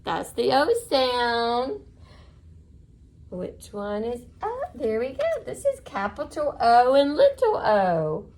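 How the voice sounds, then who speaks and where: A woman teaching young children the vowel sounds, drawing out each sound slowly and praising them. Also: on the high side, huge pitch swings. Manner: slow, sing-song, drawn-out repeated sounds, encouraging; warm praise and soft blessing to close. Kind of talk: slow phonics lesson for children.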